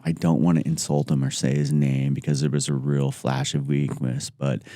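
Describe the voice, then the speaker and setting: A middle-aged man, a podcast guest, telling a casual anecdote in a rambling way full of "like", acting out quotes in lively voices. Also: very deep voice, moderate pace, no echo, studio quality.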